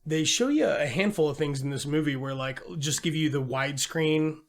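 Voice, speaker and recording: A man's voice: on the high side, moderate pace. A man co-hosting a casual movie podcast, retelling scenes with lots of swearing and acting out the characters' lines. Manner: animated retelling with acted-out quotes and swearing. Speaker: podcast co-host. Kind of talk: casual movie review chat.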